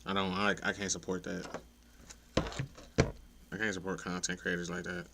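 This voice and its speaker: A man's voice: low-pitched, little pitch movement, measured pace, vocal fry, heavy background noise. A young adult man ranting casually to his viewers, blunt and profane, getting exasperated at times. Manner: laid-back, blunt, profane, rises to exasperation. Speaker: content creator ranting to viewers. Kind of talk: casual opinion rant.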